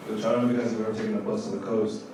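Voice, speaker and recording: A man's voice: lowish voice, level tone, racing. Man telling jokes in an echoey club. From Kenya. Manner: loose storytelling with many "like" fillers, rising to loud punchlines. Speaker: stand-up comedian. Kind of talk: stand-up comedy set. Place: comedy club stage. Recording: echoey club audio from far off, with room noise.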